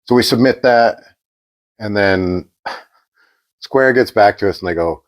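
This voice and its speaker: A man co-hosting a podcast, chatting casually and telling an animated story, acting out the quoted exchanges. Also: fairly low pitch, unhurried, long pauses. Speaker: podcast co-host.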